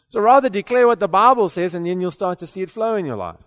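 A man's voice: high voice, expressive, fairly quick, fairly bright tone, big-room sound. A man preaching a sermon in a conversational way, often repeating words and then rising to emphatic declarations.

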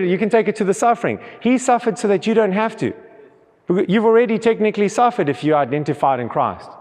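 A man with a high voice preaches a sermon, reading scripture aloud. He often restarts and repeats his words as he goes. His voice carries a long reverberation from the hall. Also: a little mellow.

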